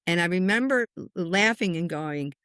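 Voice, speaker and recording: Lively low-voiced woman telling a story. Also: moderate pace, clean tone, no room sound, clean studio sound. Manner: lively storyteller, chuckles often, swings up and down in pitch. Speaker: spiritual medium and meditation teacher. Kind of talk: animated personal storytelling in conversation.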